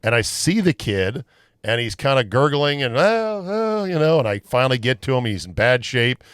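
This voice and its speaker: A man's voice: medium pitch, fairly quick, no echo, clean studio sound. Man telling a story on a podcast. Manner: storytelling, profane and animated. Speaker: podcast host. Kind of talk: casual chat.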